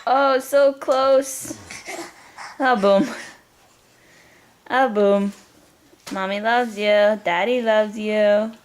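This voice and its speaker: A woman's voice: mid-range voice, steady tone, very slow, pauses often, a little hiss or hum. A young woman at home talking to her baby in cooing, sing-song baby talk. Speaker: mother filming her baby.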